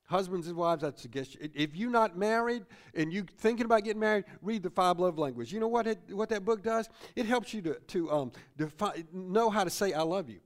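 A middle-aged male pastor delivers a sermon with a high, lively voice that swings up and down. He repeats himself and tags his points with "see?". His delivery is loose and conversational, as if speaking from the pulpit of a church. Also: fairly quick, hardly any pauses. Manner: animated preaching, repeats phrases, tag questions like "see?".

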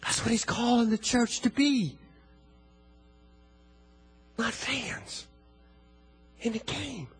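Husky high-voiced preacher, fervent sermon. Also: male voice, animated, slow, long pauses, soft background music. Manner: swings from low quiet storytelling to loud fervent exhortation. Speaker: pastor.

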